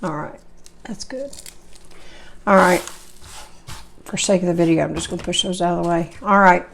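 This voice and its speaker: Hoarse chatty woman cooking. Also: fairly low pitch, steady tone, moderate pace, noisy background. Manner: chatty, folksy, rambling asides. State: hoarse, voice coming and going. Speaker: cooking channel host. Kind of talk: casual cooking demonstration.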